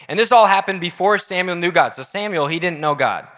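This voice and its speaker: Upbeat young youth pastor in a hall. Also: male voice, sits high, fairly quick, hardly any pauses. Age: young adult. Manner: energetic, casual, audience-engaging. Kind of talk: youth sermon. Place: church auditorium. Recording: echoey hall.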